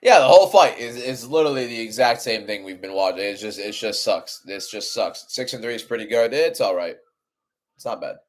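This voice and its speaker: A man's voice: lowish voice, a little fast. A young man streaming a fight watchalong, ranting in exasperation over a dull card. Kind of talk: live stream commentary.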